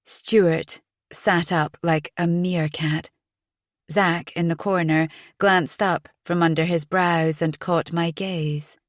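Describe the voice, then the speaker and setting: A woman narrating a thriller audiobook in a measured storytelling voice. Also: fairly low pitch, steady tone, no room sound, clean studio sound. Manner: measured storytelling, voicing each character in dialogue.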